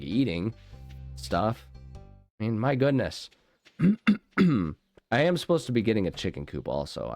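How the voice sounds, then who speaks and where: A man with a mid-range, darkish voice hosts a casual gaming video, offering rambling, goofy let's play commentary and often interrupting himself as he plays. Game music can be heard in the background.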